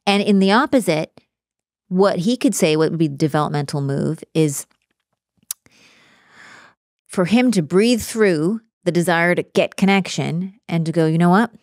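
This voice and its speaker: Low-voiced woman coaching on relationships. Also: unhurried, pauses often, dry recording, studio quality. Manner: animated storyteller, acts out quoted voices. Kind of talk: casual podcast conversation.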